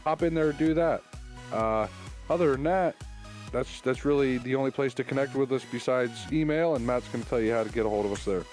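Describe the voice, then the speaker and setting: A man's voice: medium pitch, fairly quick, a little mellow, soft background music. A man co-hosting a casual podcast, telling long jokes in a rambling way with fillers and restarts. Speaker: podcast co-host.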